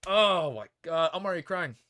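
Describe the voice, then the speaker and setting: A young man hosting a livestream, chatting casually and excitedly about anime, rambling, swearing freely and restarting his sentences. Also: high voice, normal speed, dry recording. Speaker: livestream host. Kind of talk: casual stream chat.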